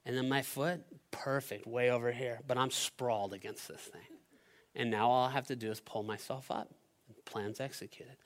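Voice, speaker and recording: A middle-aged man preaching a sermon as a pastor, telling a personal story in an animated, conversational way. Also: medium pitch.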